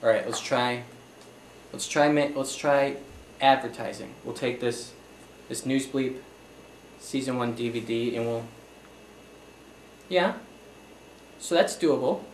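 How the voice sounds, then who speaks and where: A man's voice: medium pitch, steady tone, a little slow, pauses often. A young man talks in a flustered, apologetic way, pleading and backtracking. His voice sits mid-range. The room is echoey with a faint hiss behind. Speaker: comedy performer as accountant. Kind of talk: one-sided improvised comedy scene.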